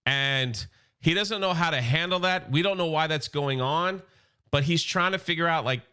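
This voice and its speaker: Chatty man with a bright voice. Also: a little high, moderate pace, smooth. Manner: enthusiastic, chatty storytelling. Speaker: comic book reviewer. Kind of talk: casual recap of a comic.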